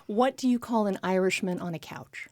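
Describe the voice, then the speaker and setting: A woman's voice: medium pitch, moderate pace, mellow, dry recording. A woman hosting a podcast interview, playful and upbeat, telling jokes between questions. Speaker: podcast host. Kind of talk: casual interview chat.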